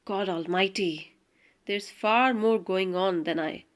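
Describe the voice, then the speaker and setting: A woman's voice: medium pitch, takes it slowly, lightly acted. A woman voicing a male prison governor in an audiobook reading, clipped and questioning. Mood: dry.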